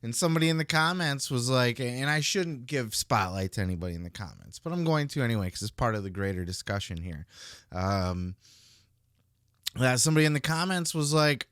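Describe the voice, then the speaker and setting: A man's voice: mid-range voice, expressive, fairly quick, fairly bright tone, clear, resonant tone, dry recording, studio quality. A man hosting a wrestling commentary podcast, ranting in a heated, blunt and profane way. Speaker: podcast host.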